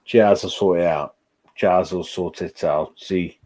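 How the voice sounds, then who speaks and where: Man, fan-channel host, live-stream rant, rambling and sweary, warm darker tone. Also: low voice, measured pace. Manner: ranting, heavy swearing, rambling asides. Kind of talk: live-stream match reaction.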